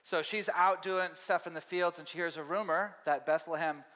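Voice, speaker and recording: A male pastor preaching a sermon in a church, conversational and animated, often acting out quotes. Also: a little high, normal speed. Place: church sanctuary. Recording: long hall reverb.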